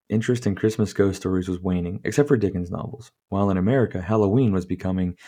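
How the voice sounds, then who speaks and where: A deep-voiced man with a dark, mellow tone hosts a podcast. He reads old-fashioned prose aloud, stumbles over the wording, and drops into loose, profane asides between passages. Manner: stumbles over words, swears freely, chuckles at the text. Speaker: podcast host. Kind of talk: reading a book aloud with casual commentary.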